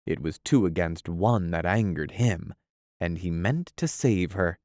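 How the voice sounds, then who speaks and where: A man narrating a classic novel as an audiobook, in a measured storytelling manner. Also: low voice, animated, a little mellow, dry recording, clean studio sound. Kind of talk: scripted narration.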